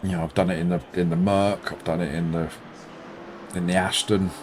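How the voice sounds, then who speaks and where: A man streaming a sim race, commenting live and bantering with viewers in an excitable, self-mocking way. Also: sits low, fairly quick. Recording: loud racing game engine noise behind.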